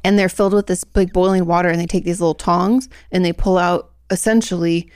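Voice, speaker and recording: A woman's voice: on the low side, steady tone, a little fast, a little mellow, smooth, no echo, clean studio sound. A young adult woman co-hosting a podcast, chatting casually and rambling through stories with lots of fillers. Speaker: podcast co-host. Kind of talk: casual chat.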